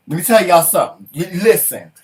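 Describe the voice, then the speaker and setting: A man co-hosting a casual talk show, hyping things up in an animated way, swearing and laughing. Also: high voice, normal speed.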